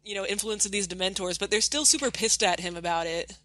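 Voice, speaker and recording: A woman co-hosting a podcast rambles through a casual, profane review. Her bright, forceful voice sits close and dry on the mic. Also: mid-range voice, fast, no echo. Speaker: podcast co-host. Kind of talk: casual show review chat.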